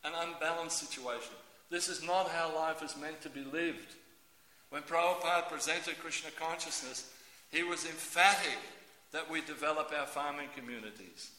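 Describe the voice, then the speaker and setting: A man preaching a sermon in a lively, theatrical way, acting out everyday scenes with voices. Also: fairly high pitch. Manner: animated, acts out scenes with voices. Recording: echoey hall.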